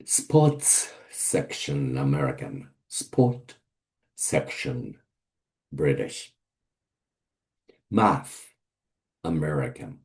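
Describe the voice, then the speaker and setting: Slow, deep-voiced man teaching vocabulary. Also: big pitch swings, gravelly, a little mellow. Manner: hesitant, many fillers, lists word pairs. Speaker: English teacher. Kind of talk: casual vocabulary lesson.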